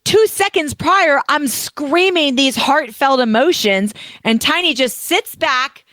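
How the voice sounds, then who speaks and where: A woman's voice: high-pitched, lively intonation, slow pace, fairly bright tone, dry recording. A woman co-hosting a podcast, telling stories expressively and mimicking others in casual chat. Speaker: podcast co-host.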